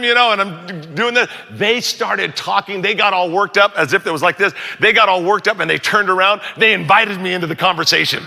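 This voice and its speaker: A middle-aged man, a pastor, telling a story in a sermon and acting out the other voices with animated raised lines. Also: high-pitched, a little fast, creaky, few pauses. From United States. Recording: long hall reverb.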